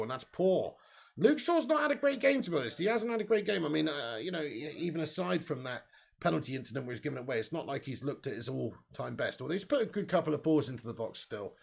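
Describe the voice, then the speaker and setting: A young man hosts a live football watch-along, calling the play and reading out viewer comments. His voice sits a little high, with a gravelly edge. He is chatty and laughs easily. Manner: chatty, laughs often, reads out chat comments. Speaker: host.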